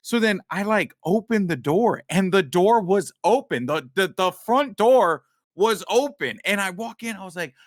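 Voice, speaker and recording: A man co-hosting a podcast, telling a long story in a rambling, animated way, with many restarts and swearing. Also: high voice, a little slow, few pauses, no echo, studio quality. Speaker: podcast co-host. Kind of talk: casual storytelling chat.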